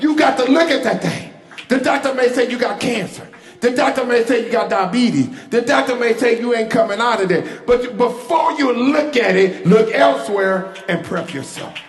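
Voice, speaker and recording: A male pastor preaching a sermon, leading the congregation in call-and-response and building to shouts. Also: extremely high pitch. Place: church sanctuary. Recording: echoey church hall with music.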